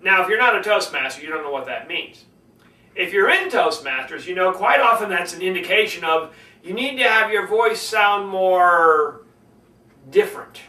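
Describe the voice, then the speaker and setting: A man coaching public speaking in a lively lesson, demonstrating different tones of voice as he explains. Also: sits high, normal speed, echoey room, distant mic, rough recording. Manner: animated, demonstrates tones by acting them out.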